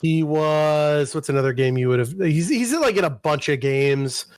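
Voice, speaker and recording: A man's voice: fairly high pitch, lively intonation, moderate pace, darkish tone, no echo. A man co-hosting a podcast, recapping a game plot in a rambling, profane casual chat. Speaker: podcast co-host.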